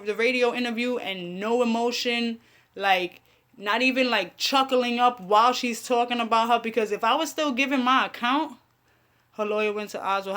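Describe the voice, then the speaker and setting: Brash New woman host, high and sharp, profane casual commentary. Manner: blunt, profane, heated, talks to her chat. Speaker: online radio show host.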